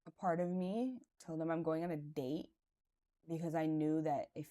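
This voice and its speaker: A woman with a low, mellow voice speaks in a personal podcast monologue. She tells her story candidly and confessionally, in a loose, conversational way full of "like" and "right". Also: steady tone, normal speed. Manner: casual and conversational, with frequent "like" and "right". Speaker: podcast host.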